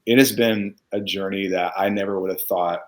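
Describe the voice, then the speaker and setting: Middle-aged man, low voice, sincere and emotional interview guest. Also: steady tone, normal speed, poor audio. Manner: heartfelt, earnest, gets choked up. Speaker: guest musician. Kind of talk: casual interview chat.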